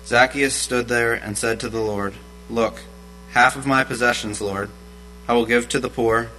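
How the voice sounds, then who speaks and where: A man reading a Bible passage aloud in a steady, measured way to a church congregation. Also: lowish voice, poor audio. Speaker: scripture reader. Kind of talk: scripture reading. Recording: faint mains hum.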